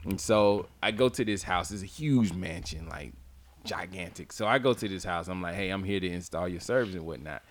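A man on a casual podcast telling a long personal story, swearing freely, laughing through it and acting out his own shouts. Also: low-pitched, a little fast. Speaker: podcast co-host.

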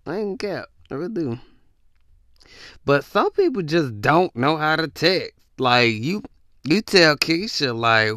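A man's voice: a little high, very animated, takes it slowly, sharp tone, no room sound. A man hosting a casual comedic podcast rant, talking close to the mic and acting out confused texters in jumpy voices. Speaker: podcast host.

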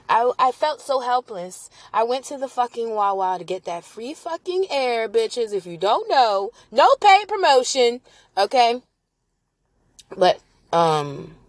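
A woman's voice: fairly high pitch, very animated, unhurried. A woman ranting into a voice memo, swearing heavily and talking to herself about work and money. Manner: heavy swearing, agitated ranting. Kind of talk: profane rambling voice memo.

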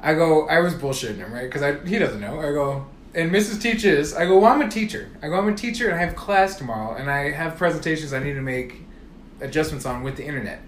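A man's voice: fairly high pitch, quick pace, reverberant, a little hiss or hum. A man telling a long story in casual chat, swearing freely and acting out both sides of phone calls. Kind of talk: casual storytelling among friends.

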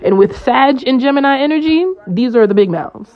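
A woman's voice: a little high, expressive, fairly quick, few pauses, highs cut off. A woman astrologer talking casually and at length, full of slang and swearing, with frequent laughs. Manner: rambling, slangy and profane, laughs often.

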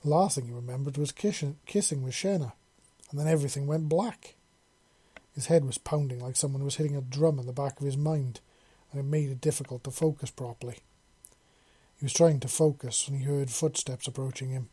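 Husky-voiced man narrating a sci-fi story. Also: medium pitch, fairly quick, no echo. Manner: steady descriptive storytelling. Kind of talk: reading a sci-fi fan story aloud.

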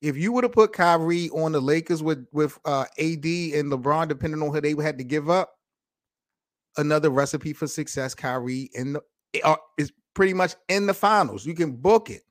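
A male sports talk host rants in disbelief, loose and slangy, his voice sitting fairly high and jumping up when he is shocked. The sound is close and dry, with no room around it. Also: normal speed, no room sound. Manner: excitable, incredulous, slangy, shouts in disbelief. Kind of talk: animated sports talk commentary.

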